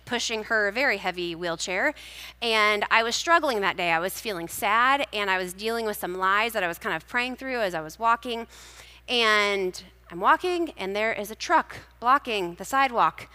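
Woman, devotional sermon, chatty storytelling, bright tone, echoey hall. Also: medium pitch, expressive, moderate pace. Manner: conversational storytelling with scripture. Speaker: speaker at a church gathering.

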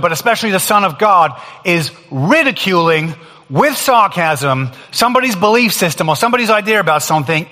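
Animated man teaching scripture in a hall. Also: fairly high pitch. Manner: animated, laughs often, acts out quoted voices. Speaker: preacher. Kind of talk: conversational Bible teaching. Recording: long hall reverb.

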